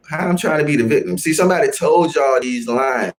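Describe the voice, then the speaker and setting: A male live-streamer lectures and scolds his chat. He keeps repeating his lines and threatens to boot people, his voice sitting slightly high for a man. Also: quick pace, hardly any pauses. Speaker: livestream host. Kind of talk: casual live-stream rant.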